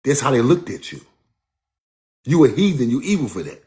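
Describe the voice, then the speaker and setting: A man's voice: medium pitch, sing-song, brisk, a little mellow. A man giving a casual, emphatic street-style lecture, repeating his points and calling the listener bro. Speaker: speaker giving a talk.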